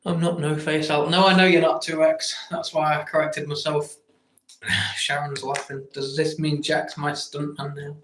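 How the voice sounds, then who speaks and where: A man's voice: on the high side, level tone, normal speed, fairly bright tone, echoey room. An English man hosting a late-night live stream from home, chatting casually and answering viewer comments, with mock-exasperated outbursts. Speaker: livestream host.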